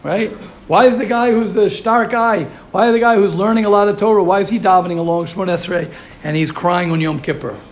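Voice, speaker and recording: A man's voice: sits high, brisk, slight background noise. A man teaching a Torah class, asking rhetorical questions and mixing in Hebrew and Yiddish terms. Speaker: yeshiva teacher.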